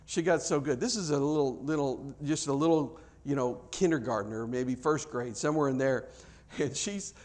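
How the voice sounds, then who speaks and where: A man's voice: moderate pace, a little mellow. A middle-aged man preaching a sermon in a loose, conversational way, breaking off and restarting as he tells family stories. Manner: conversational, self-interrupting, acts out dialogue with big pitch jumps. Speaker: pastor. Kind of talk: sermon with storytelling.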